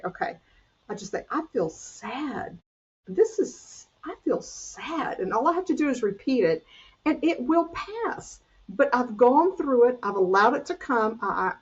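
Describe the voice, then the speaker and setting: A woman's voice: mid-range voice, husky, dull audio. An older woman coach talking earnestly and confessionally in a faith-based podcast chat, often restarting her sentences. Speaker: weight-loss coach.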